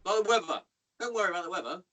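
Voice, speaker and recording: A man in his thirties with an English accent, hosting a podcast in casual, sweary, animated chat. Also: sits high, very fast, poor audio. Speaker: podcast host.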